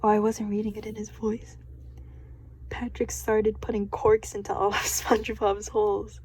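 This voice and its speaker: A woman's voice: medium pitch, level tone, a little slow, darkish tone, breathy edge, no room sound, low-quality recording. A woman reading a children's storybook aloud, giggling and stopping to react in surprise. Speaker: storybook reader.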